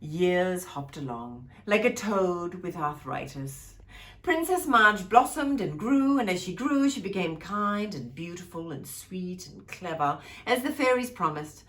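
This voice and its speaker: A woman at a childcare centre reading a funny picture book aloud to children, expressive and playful. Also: on the low side, unhurried. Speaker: childcare storyteller.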